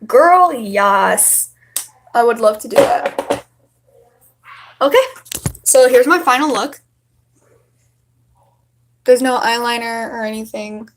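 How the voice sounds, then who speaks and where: A woman's voice: a little high, slow, pauses often. A young woman chatting casually and rambling on a home livestream. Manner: chatty and rambling, many fillers. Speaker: livestream host.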